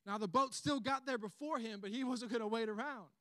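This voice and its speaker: High-voiced preacher with a Southern accent. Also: male voice, a little fast, no echo, clean studio sound. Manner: animated storytelling, acts out quoted lines. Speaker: pastor. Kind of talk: sermon.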